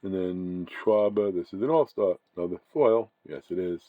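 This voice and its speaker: Low-voiced man rambling through a card break. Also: moderate pace, narrow, tinny audio, a little hiss or hum. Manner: rambling, self-correcting, chatty. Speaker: card-breaking channel host. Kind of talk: casual chat while opening card packs.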